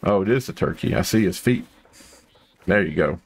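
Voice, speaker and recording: A man giving casual, rambling commentary while playing a hunting video game, full of fillers and sudden excited outbursts. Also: sits low, moderate pace, breathy edge. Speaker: gameplay commentator.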